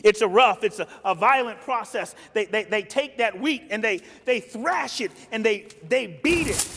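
A man preaching a sermon in a dramatic way, swinging between soft and loud and acting out the quotes he reads. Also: high-pitched, animated, measured pace, vocal fry, few pauses, noisy background. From grew up in a city. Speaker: pastor. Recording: long reverb of a large hall.

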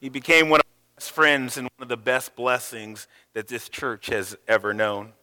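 A male pastor preaching a sermon, telling stories with sudden loud, animated rises. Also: mid-range voice, normal speed, big-room sound. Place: church sanctuary.

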